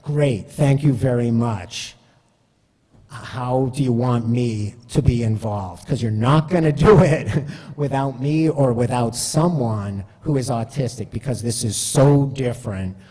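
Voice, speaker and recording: A man speaks in a mellow, relaxed voice, chatty and animated as he tells stories. His words ring out with the long reverb of a hall. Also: medium pitch, a little slow. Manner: chatty, self-deprecating, animated. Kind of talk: storytelling talk.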